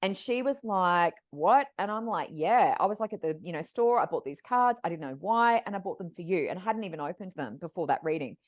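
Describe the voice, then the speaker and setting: A woman guest, a psychic medium, telling stories in a lively conversational way, acting out quoted voices in quick bursts. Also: lowish voice. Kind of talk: animated storytelling in conversation.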